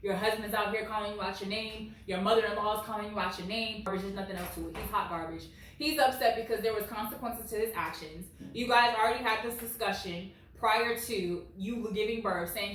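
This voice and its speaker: A woman in her late twenties reading reddit stories at home with blunt, animated commentary, peppered with "like". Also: mid-range voice, brisk. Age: late 20s. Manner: blunt and animated, heavy use of "like". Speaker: reddit story reader. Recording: very echoey room, far from mic.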